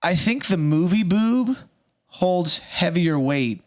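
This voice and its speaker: A young man musing on a podcast, rambling in halting, self-correcting sentences. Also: high voice, animated. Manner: rambling, halting, with many fillers and restarts. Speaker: podcast co-host. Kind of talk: casual podcast chat.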